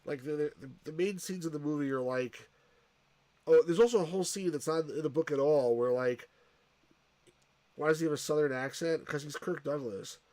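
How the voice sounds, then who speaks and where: A man's voice: fairly high pitch, moderate pace, darkish tone, no room sound. A man casually commenting on a retro computer game as he plays, rambling and often restarting his sentences. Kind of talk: casual let's-play commentary.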